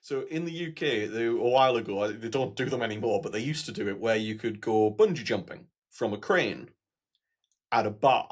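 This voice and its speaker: A man telling a story as a guest on a podcast, with dry, deadpan humor. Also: fairly low pitch, a little fast, husky. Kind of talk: casual chat, storytelling.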